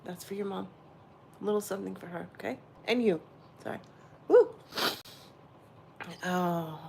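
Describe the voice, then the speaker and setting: A woman hosting a casual spiritual livestream, rambling warmly and answering her viewers' chat directly. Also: mid-range voice, vocal fry, a little hiss or hum. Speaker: livestream host.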